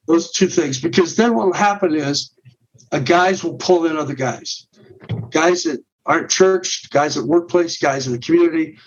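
This guest, a middle-aged man who directs a men's ministry, lays out his approach one step at a time on a podcast, frequently restarting and repeating himself. His pitch is fairly high and his pace moderate, captured in a dull, muffled recording.

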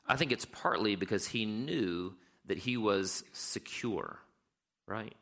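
A middle-aged man preaching a sermon in a conversational way, lively when he tells stories. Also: fairly low pitch, slow pace. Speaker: pastor.

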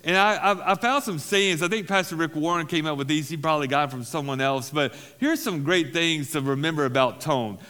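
A man's voice: fairly high pitch, fairly quick, few pauses, pushed and bright. Conversational male pastor in a reverberant hall. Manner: conversational, repeats key phrases, self-deprecating asides. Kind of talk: recovery-group sermon. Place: church hall.

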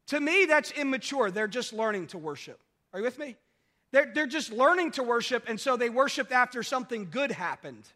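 A man with a very high, bright, forceful voice delivers a sermon in a church. He repeats his key lines and checks in with the congregation as he goes. The sound rings with a long hall reverb. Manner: repetitive call-and-response preaching, asks "are you with me". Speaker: preacher.

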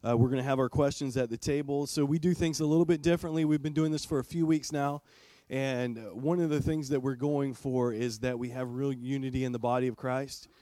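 A man's voice: mid-range voice, fairly even intonation, fairly quick, mellow, dry recording. A man preaching a sermon as pastor in a church. He talks conversationally and asks the congregation direct questions.

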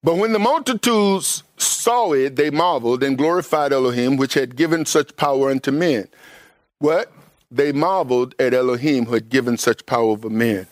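A man preaching a sermon to his congregation, emphatic and conversational, with everyday vernacular, often jumping up high in pitch to stress a point. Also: steady tone, brisk, no echo, studio quality.

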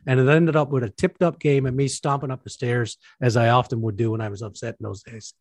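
A man's voice: mid-range voice, fairly even intonation, quick pace, a little mellow, no room sound. A man hosting a casual podcast chat with his brother, jovial and self-mocking, laughing often. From Newfoundland. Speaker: podcast host; preacher.

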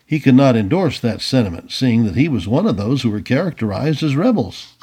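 A man reading a historical story aloud as a storyteller, lively, with casual asides. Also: medium pitch, brisk, faint music behind.

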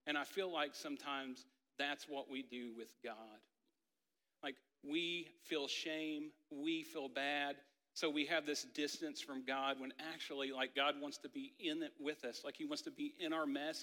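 A man's voice: fairly high pitch, pushed and bright. A man in his thirties preaching a casual sermon, telling a family story with lots of "like" and "right?". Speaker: pastor. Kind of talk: conversational sermon with personal story. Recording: long hall reverb.

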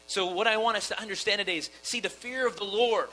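A man's voice: sits high, fast talker, hardly any pauses, bright, forceful tone, rough recording. A man preaching a sermon earnestly, often restarting his sentences. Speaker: pastor.

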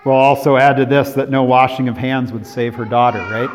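A male pastor delivers a sermon in an even, mid-range voice, swinging between emphatic declarations and near-whispered, drawn-out lines. His words ring out with a long reverb, as if filling a large church sanctuary. He grew up in California. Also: mid-range voice, slight background noise. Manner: dramatic preaching, swinging from emphatic to hushed.

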